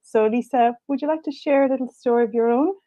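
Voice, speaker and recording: Mellow-voiced woman hosting, dull dry sound. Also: on the high side, fast talker, no echo. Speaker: co-host. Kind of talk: introducing a talk show.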